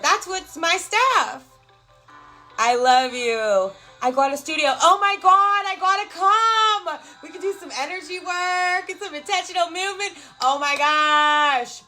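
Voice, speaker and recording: Woman, high voice, casual live stream chat, excited, profane, motivational, greets viewers, faint background music. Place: home, with a cat nearby.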